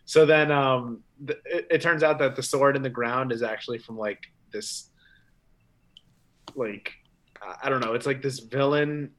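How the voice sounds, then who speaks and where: Casting note: male podcast co-host, middle pitch, loose storyteller who acts out the quotes. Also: fairly quick, fairly bright tone. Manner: rambling retelling with quoted voices and laughs. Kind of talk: casual comic book chat.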